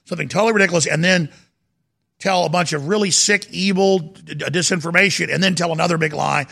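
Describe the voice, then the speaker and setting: Gravelly, ranting male talk host. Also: on the high side, fast. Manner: ranting, mocking, raises voice to a shout. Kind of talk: heated political talk show monologue.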